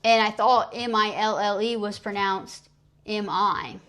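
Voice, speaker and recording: A woman's voice: medium pitch, steady tone, measured pace, a bit bright. A young woman streaming live, chatting casually and laughing at her own mistakes while she practices French phrases. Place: at home streaming. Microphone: streaming mic.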